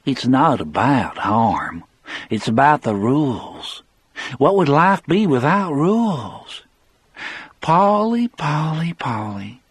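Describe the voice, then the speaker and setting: A man's voice: mid-range voice, big pitch swings, takes it slowly, breathy edge, no echo, pitched above the performer's own voice, full character voice. A man voicing a sneering, bullying male nursing-home orderly with mocking, menacing taunts.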